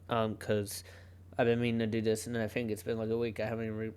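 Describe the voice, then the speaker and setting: A man's voice: medium pitch, little pitch movement, quick pace, darkish tone, clean tone. A young man hosting a solo podcast, talking casually in a rambling way, often cutting himself off and laughing. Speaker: podcast host. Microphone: home podcast mic.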